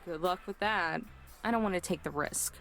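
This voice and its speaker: A woman voicing a guarded, laconic butch young woman who answers in short, low-key lines. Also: normal speed, a bit bright, soft background music.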